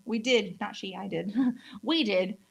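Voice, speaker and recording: A woman's voice: mid-range voice, measured pace, creaky, slightly rough, dull audio. A woman in her thirties from California, chatting upbeat through a casual nail tutorial demo. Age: 30s. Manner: chatty and upbeat, gushes over colors. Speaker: nail tech instructor.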